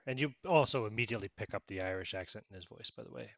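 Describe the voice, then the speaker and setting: A game master describing a scene in a relaxed, filler-laden way. His voice is low-set with a bright, forward edge, recorded dry and close. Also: racing, no echo. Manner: casual, filler-heavy, self-correcting. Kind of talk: narrating a tabletop game.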